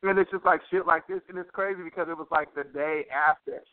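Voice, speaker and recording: A man co-hosting a podcast in casual chat, animated and profane, filling every pause with "like". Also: a little high, no room sound. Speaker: podcast co-host. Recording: dry, tinny phone-like sound.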